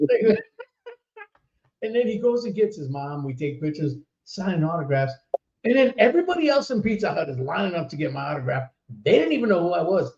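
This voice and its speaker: A man's voice: sits high, a little mellow, roomy sound, highs cut off. A man hosting a live podcast in casual chat, upbeat and laughing easily as he reads viewer comments aloud. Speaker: podcast host.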